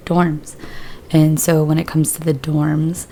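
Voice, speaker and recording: A woman casually talking through a life-sim game, her voice hoarse after surgery, chatty and a little scattered. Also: deep voice, level tone, slow pace, warm tone, slight background noise. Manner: rambling, chatty, a bit scattered. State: hoarse after surgery, voice lower than usual. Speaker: gaming video creator. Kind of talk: casual gameplay commentary.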